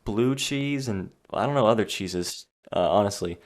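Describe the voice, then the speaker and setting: Deep-voiced man ranting on a podcast. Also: expressive, normal speed. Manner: rambling, sarcastic, exasperated. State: out of breath. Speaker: podcast host. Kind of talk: solo podcast rant.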